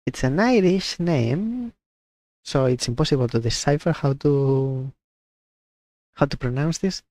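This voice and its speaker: A man's voice: medium pitch, expressive, a little slow, a little mellow, dry recording, studio quality. A man streaming a horror game, musing aloud and fumbling over how to pronounce names. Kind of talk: let's play commentary and dialogue reading.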